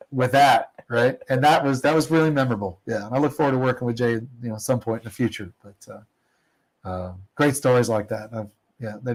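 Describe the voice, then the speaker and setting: A man's voice: medium pitch, poor audio. A middle-aged man talks casually as a guest in an interview. He tells long anecdotes in a loose, rambling way, laughing at himself and often restarting his sentences. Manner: rambling, self-deprecating, many restarts. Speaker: guest, oil company operator.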